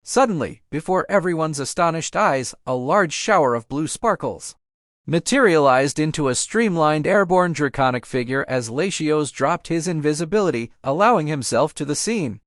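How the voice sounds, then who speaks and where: A man reading a fan fiction audiobook aloud in a steady storybook manner. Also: fairly high pitch, normal speed, dry recording, clean studio sound. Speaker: audiobook narrator.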